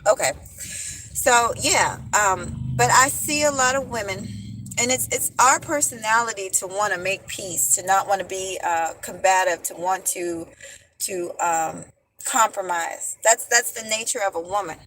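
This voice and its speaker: A woman's voice: medium pitch, measured pace, pushed and bright, a little hiss or hum, poor audio. A woman hosting a livestream. She talks straight to her viewers in casual slang and repeats her points with emphasis, into a phone she holds in her hand. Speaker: livestream host. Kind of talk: livestream commentary. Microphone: phone held in hand.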